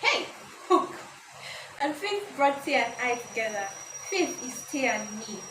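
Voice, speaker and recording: Animated woman vlogger reading her fanfic. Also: high voice, unhurried. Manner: animated, breaks off to react and joke, swears casually. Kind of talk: reading her own fan fiction aloud with commentary. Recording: roomy echo, distant mic, noisy.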